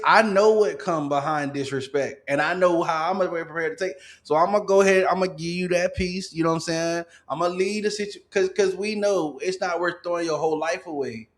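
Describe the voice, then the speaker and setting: Slangy man chatting, rambling and repetitive. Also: high-pitched. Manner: rambling, peppered with "you know what I'm saying". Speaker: podcast host. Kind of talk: casual podcast chat.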